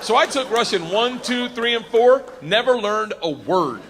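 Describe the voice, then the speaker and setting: A man telling a stand-up story, animated and profane, often laughing and shouting the punchlines. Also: extremely high pitch, a little slow, in a large hall, background noise. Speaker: stand-up comedian.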